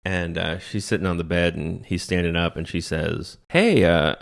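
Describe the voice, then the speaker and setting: A middle-aged man, a comedian hosting a podcast, recapping a movie with animated delivery and laughing at his own jokes as he acts out the characters' lines. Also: sits low, normal speed, creaky.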